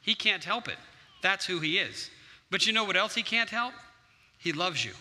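A man's voice: sits high, normal speed, pushed and bright. A man preaching a sermon as pastor, earnest and conversational, acting out his own prayers. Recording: long hall reverb.

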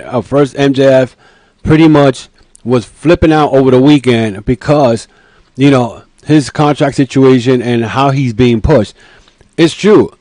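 A man hosting a casual wrestling podcast, talking in an animated way with lots of fillers and acting out quotes. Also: medium pitch, dry recording. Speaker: podcast host.

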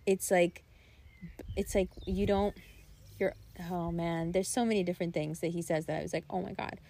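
A young adult woman chatting casually, telling stories in a rambling, animated way full of "like" and laughter. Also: lowish voice, normal speed. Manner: rambling, animated storytelling with frequent "like" and bursts of laughter. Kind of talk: casual chat.

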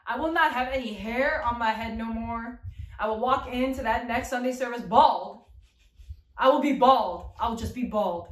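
A woman giving a casual, slangy sermon as a youth preacher, joking and talking straight to her listeners. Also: on the high side. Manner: slangy, animated, jokey, talks to the audience. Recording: echoey room.

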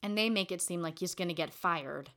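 A woman's voice: fairly low pitch, brisk, pushed and bright. A woman co-hosting a podcast, speaking with enthusiasm and playfulness about a TV show. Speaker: podcast co-host. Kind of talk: casual TV recap chat.

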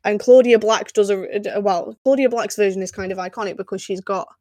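A woman's voice: mid-range voice, fairly quick, dark tone, no echo. A woman co-hosting a podcast in casual chat, talking freely and laughing often. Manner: chatty, laughing often, lots of fillers. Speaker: podcast co-host.

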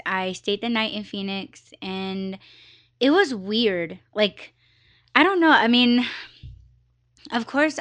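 A young woman hosting her own podcast from her office, telling a story in a chatty, animated way and slipping into quoted voices. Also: medium pitch, smooth. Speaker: podcast host. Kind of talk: casual storytelling monologue.

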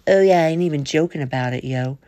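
A woman's voice: deep voice, fast talker, dark tone, no echo. A woman hosting a casual faith podcast, talking in a chatty, colloquial way that jumps between topics. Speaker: podcast host.

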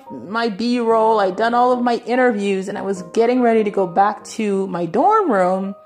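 A woman giving a conversational Bible teaching, often checking in with "right?" and "you know". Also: fairly high pitch.

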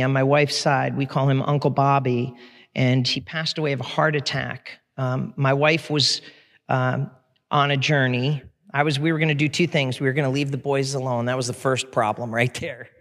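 A man's voice: mid-range voice, fairly bright tone. A middle-aged man preaching as a pastor, candid and conversational, with fillers and restarts. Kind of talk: sermon. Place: church sanctuary. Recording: long reverb of a large hall.

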